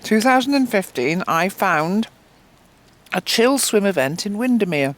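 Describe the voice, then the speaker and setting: A woman's voice: medium pitch, animated, a little slow, slight background noise. A woman on a beach by a fire, telling a story animatedly and acting out other people's lines. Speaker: founder of a swimming group, interviewee. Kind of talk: casual storytelling. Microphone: handheld microphone.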